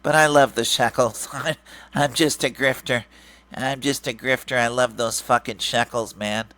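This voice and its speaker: A man's voice: medium pitch, steady tone, measured pace, pushed and bright. A man putting on a mocking nasal voice for a greedy, whiny male grifter who keeps begging for money. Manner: mocking, sing-song and repetitive. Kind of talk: mocking impression.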